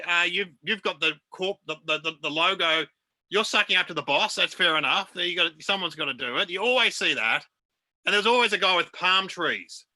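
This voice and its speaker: An Australian man doing a stand-up comedy set over a video call from home, chatty and self-deprecating, with quick asides to his audience. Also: on the high side, pushed and bright. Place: home room.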